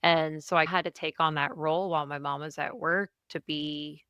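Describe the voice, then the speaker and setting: A woman's voice: deep voice, fairly even intonation, normal speed, sharp tone, clean tone, no echo, highs cut off. A woman from Ohio, a podcast guest, speaking earnestly and reflectively about her own life in long unfolding sentences. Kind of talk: candid personal interview.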